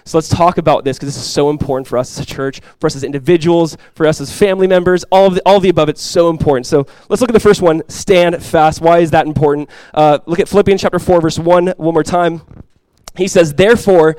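A man's voice: on the high side, animated, quick pace, darkish tone, no room sound, low-quality recording. Casual-talking male pastor, dry sound. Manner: casual conversational preaching with many fillers. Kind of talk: sermon.

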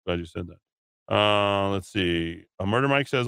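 A man's voice: sits low, normal speed, fairly bright tone, clear, resonant tone, no echo. A man hosting talk radio, reading listener comments aloud with blunt, sardonic asides.

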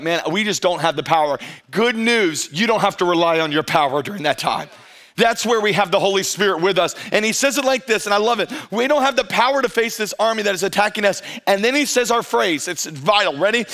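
A middle-aged male pastor with a notably high voice delivers an energetic sermon. He keeps a relaxed, conversational tone and often slows right down to stretch out important phrases. Now and then he briefly acts out how churchgoers might talk. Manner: stretches key phrases slowly for emphasis.

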